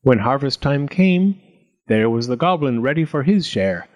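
A man reading a storybook aloud with an expressive, lilting delivery. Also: medium pitch, normal speed, highs cut off.

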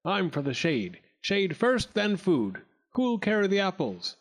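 A man voicing a gruff, friendly male peasant of thirty who leads the others. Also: sits high, wildly swooping pitch, a little slow, pitched above the performer's own voice, exaggerated voice. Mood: urgent. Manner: eager, exclaiming, raised voice.

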